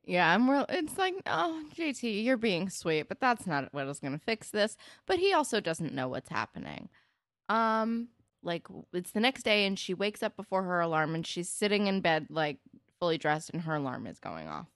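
A woman with a low, expressive voice chats through a TV episode as a podcast co-host. She slips into the characters' lines as she goes, her pitch swinging widely, and the recording is close and dry. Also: no echo. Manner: lively, acts out characters' lines in quick asides. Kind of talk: casual chat recapping a TV episode.

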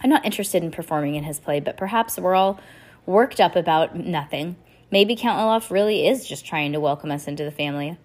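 A woman's voice: fairly low pitch, fairly quick, a little mellow, lightly acted. A woman reading aloud, voicing an earnest, worried teenage girl with a lightly raised voice.

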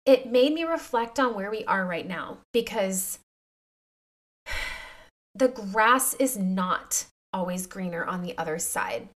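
A woman in her thirties hosting a faith-based podcast, talking to her listeners in a confiding, emotional way. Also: medium pitch. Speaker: podcast host. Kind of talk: heartfelt faith-based talk.

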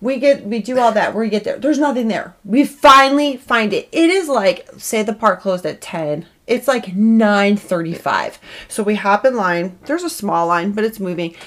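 A woman in her thirties, a podcast co-host, telling a family story in a lively, laughing way. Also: moderate pace. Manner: animated, laughing, voice jumps high when excited. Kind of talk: casual storytelling chat.

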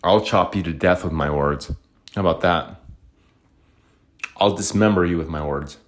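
Man from Utah, lowish voice, rambling profane solo rant, fed up. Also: moderate pace. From Utah, USA. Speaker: podcaster.

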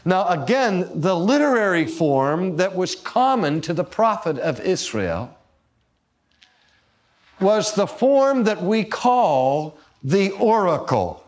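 Slow, emphatic male preacher. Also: high voice, very animated. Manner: slow, deliberate delivery with emphatic rises on key words; rhetorical questions to the audience. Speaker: preacher and teacher. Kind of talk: theological lecture-sermon.

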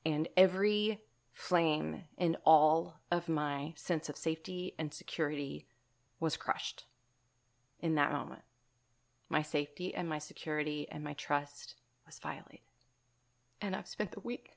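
With a low-pitched, gravelly voice and a measured pace, a podcast co-host tells a story in relaxed conversation. She is animated and emphatic, addresses listeners as y'all, and swears offhandedly.

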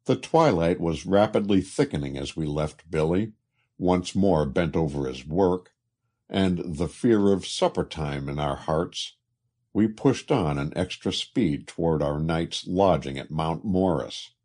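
Deep, slow, husky male storyteller. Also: lively intonation, a little mellow. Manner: measured, literary. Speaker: narrator. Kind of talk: storybook narration.

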